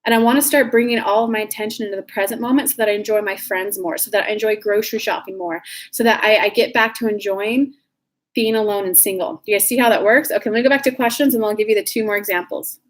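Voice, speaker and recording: A woman's voice: mid-range voice, quick pace. A woman coaching live-stream viewers in a casual, chatty way, greeting them by name and swearing freely.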